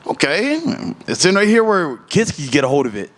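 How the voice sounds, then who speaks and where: A man's voice: on the high side, sing-song, moderate pace. A man in his thirties, an MMA fighter answering interview questions in a loose, rambling way, swearing freely as he tells stories. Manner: profane, rambling storyteller.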